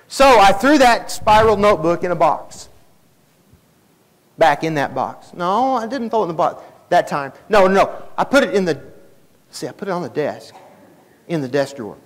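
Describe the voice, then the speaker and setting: High-voiced man, folksy storytelling sermon, long hall reverb. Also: moderate pace. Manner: folksy, animated, acts out dialogue. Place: church hall. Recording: live church stream with long hall reverb.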